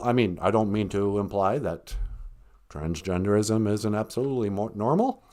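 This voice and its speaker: A man voicing a former president in a comic impression, halting and stammering as he corrects himself. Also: fairly low pitch, darkish tone.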